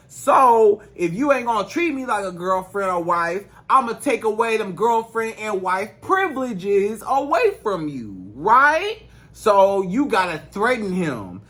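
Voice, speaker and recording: A man's voice: high-pitched, sing-song, unhurried, a bit bright. A man speaking as a dating coach, giving emphatic, repetitive advice straight to camera in casual slangy speech. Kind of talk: direct-to-camera advice monologue.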